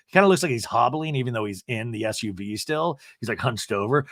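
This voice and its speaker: Animated gossipy man recapping TV. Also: mid-range voice, a little fast, hardly any pauses, no room sound, studio quality. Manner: animated, gossipy, laughing asides. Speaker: podcast host. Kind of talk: comedic TV recap.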